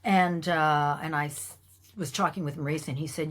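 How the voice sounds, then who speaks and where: A middle-aged woman, an actress as guest, telling anecdotes in a lively way, acting out the lines she quotes and laughing often. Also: deep voice, normal speed.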